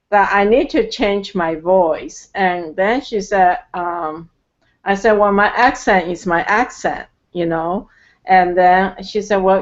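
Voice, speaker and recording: Slow, halting woman with dull audio. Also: medium pitch. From Canada. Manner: halting, many fillers, slow and careful. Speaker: guest. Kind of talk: casual chat.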